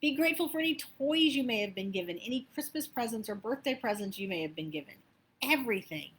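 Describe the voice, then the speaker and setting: A woman abundance coach giving a motivational spiritual talk, chatty and animated, telling stories with asides. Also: on the high side, quick pace, a little hiss or hum.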